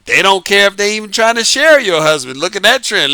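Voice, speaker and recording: Male vlogger, high, sharp and clean voice, dry close sound, laughs through a loose slangy rant. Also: lively intonation, a little fast, no echo. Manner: laughs often, uses Southern-flavored slang. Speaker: online commentary host. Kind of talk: casual monologue to viewers.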